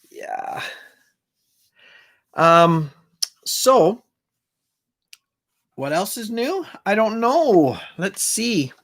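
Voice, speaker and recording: Slow-talking joking male singer-songwriter. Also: fairly high pitch, fairly bright tone. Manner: joking, chatty, reads viewer comments aloud. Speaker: singer-songwriter hosting a live stream. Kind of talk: casual chat between songs.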